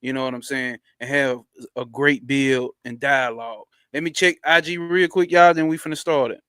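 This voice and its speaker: A man hosting a casual livestream from home into a close mic, using loose, slangy street talk and a lot of swearing. He greets viewers by name and gets excited fast. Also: clear, resonant tone, no echo. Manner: swearing, excitable, jumps up in pitch when hyped. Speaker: livestream host.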